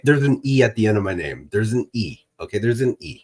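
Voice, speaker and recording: A man's voice: lowish voice, sing-song, a little fast, a little mellow. A man streaming late at night, chatting casually and joking with his viewers. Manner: laid-back, joking, chats to viewers.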